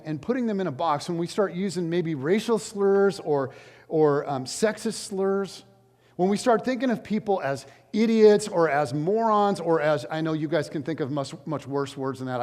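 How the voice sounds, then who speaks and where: A man preaching a sermon as pastor, conversational and animated, with jokey asides to the congregation. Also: a little high. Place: large church sanctuary. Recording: long hall reverb.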